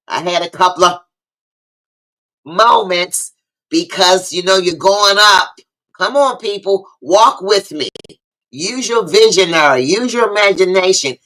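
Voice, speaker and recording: Bright-voiced woman hosting a preacherly livestream. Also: fairly low pitch, poor audio. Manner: preacherly, calls out viewers by name and repeats lines for emphasis. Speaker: host of a live online talk show. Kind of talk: lively livestream talk to viewers.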